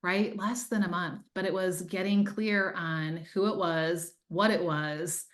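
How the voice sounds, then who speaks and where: Earnest woman, lowish voice, chatty. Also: fairly even intonation, measured pace. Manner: earnest, faith-filled, conversational with many fillers. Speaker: time management coach, guest. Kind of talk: testimonial interview.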